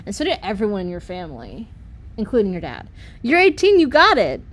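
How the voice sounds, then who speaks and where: A woman's voice: mid-range voice, wildly swooping pitch, a little fast, a bit bright. A woman voicing an upbeat, boastful eighteen-ish girl with wind magic, reading an amateur audiobook. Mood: eager.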